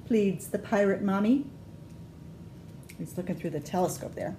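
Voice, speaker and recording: Animated woman reading a children's storytime. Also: mid-range voice, moderate pace, roomy sound, slight background noise. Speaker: children's librarian. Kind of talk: storytime read-aloud for children. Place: library.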